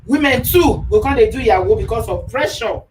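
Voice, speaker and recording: A woman's voice: on the high side, a little fast. Nigerian lady hosting a live stream, switches in and out of pidgin, sounds a bit far from the mic, faint noise. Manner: mixes English and pidgin, animated and affectionate. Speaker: host.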